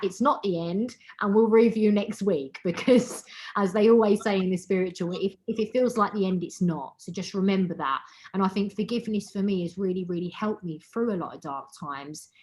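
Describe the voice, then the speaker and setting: An earnest woman hosts a wellbeing circle over a video call, speaking with open emotion. She leans on repeated words to stress her points and keeps a steady mid-range pitch. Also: a little hiss or hum. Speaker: host of an online women's wellbeing meeting. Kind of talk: heartfelt motivational talk on a video call.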